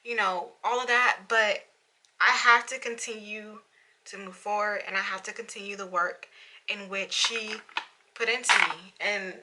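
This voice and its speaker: A woman's voice: mid-range voice, steady tone, measured pace, sharp tone, slight background noise, low-quality recording. A young woman vlogging candidly to camera at home, emotional and fighting back tears, with lots of "you know"s. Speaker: beauty vlogger. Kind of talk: casual confessional vlog. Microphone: camera in front of her.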